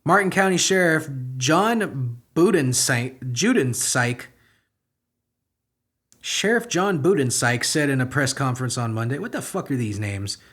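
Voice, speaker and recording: A man's voice: mid-range voice, big pitch swings, unhurried, a bit bright. Sarcastic young man ranting about news. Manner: sarcastic, exasperated, swings between muttering and outbursts. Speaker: comedy podcast host. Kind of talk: profane comedic news commentary.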